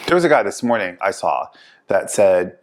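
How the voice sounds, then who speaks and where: A man hosting a casual talk show, telling lively stories and acting out the people he quotes. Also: low voice, normal speed. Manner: animated storyteller, acts out quoted people. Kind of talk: casual chat.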